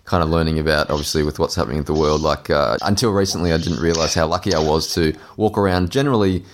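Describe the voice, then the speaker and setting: A young man hosting a podcast, asking interview questions in a measured, thoughtful way. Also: very deep voice, a little hiss or hum. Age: young adult. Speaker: podcast host.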